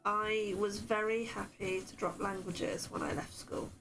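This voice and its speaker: A woman's voice: mid-range voice, flat delivery, measured pace. Wiltshire lady chatting away while she makes cards, bit self-deprecating, faint music behind. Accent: Wiltshire English. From Wiltshire, England. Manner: chatty, self-deprecating, reads out chat messages. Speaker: card-making streamer. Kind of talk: casual chat while crafting.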